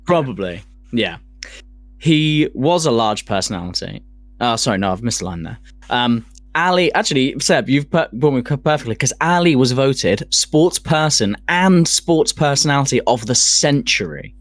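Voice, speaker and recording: A man co-hosting a casual podcast, his voice mid-pitched and recorded close and dry. He reads his segment from notes, swears freely and laughs at his own slips. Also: expressive, moderate pace, no room sound. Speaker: podcast co-host presenting a segment.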